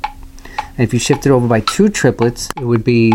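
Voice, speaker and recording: A man teaching a casual music lesson, explaining rhythms and scatting the beats out loud. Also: mid-range voice, fairly quick, background noise.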